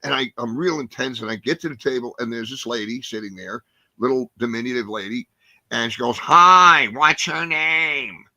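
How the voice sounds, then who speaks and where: A man's voice: mid-range voice, steady tone, a little fast, fairly bright tone, no echo. A man in his sixties from New Jersey, a comedian guest telling a rambling story full of fillers and acted-out quotes. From New Jersey, USA. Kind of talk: storytelling in a podcast interview.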